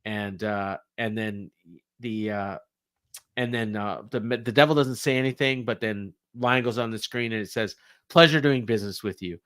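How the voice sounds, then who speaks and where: His voice is on the low side yet a bit bright, clear and resonant, at a moderate pace. As a podcast co-host, he gives a rambling, casual recap of a wrestling show full of fillers.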